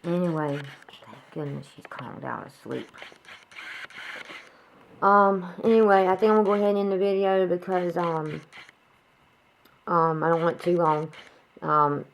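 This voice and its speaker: A woman's voice: on the low side, moderate pace, vocal fry, pauses often, slight background noise, rough recording. A woman with a Southern US accent, signing off a casual vlog with hesitant fillers.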